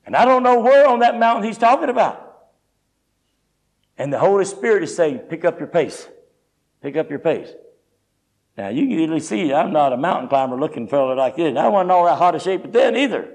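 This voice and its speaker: Preacher guy, kinda high voice, folksy storytelling sermon. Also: a little fast. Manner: folksy, animated storytelling with quoted speech.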